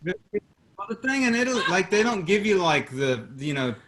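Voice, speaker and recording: A man's voice: high voice, sing-song, moderate pace, a bit bright. A man, a guest singer-songwriter, chatting casually over a video call, rambling with many restarts and fillers. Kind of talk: casual chat.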